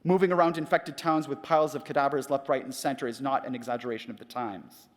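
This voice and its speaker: A middle-aged man giving a prepared conference lecture, measured and reflective, asking rhetorical questions. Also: medium pitch, fairly even intonation. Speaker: conference speaker. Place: large conference hall. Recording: reverberant hall.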